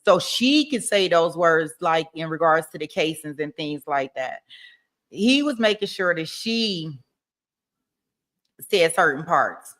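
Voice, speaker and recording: A woman's voice: low voice, animated, slow, fairly bright tone. A woman hosting a casual live stream, chatting about a court case and reading viewer comments, laughing often and repeating herself. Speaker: livestream host.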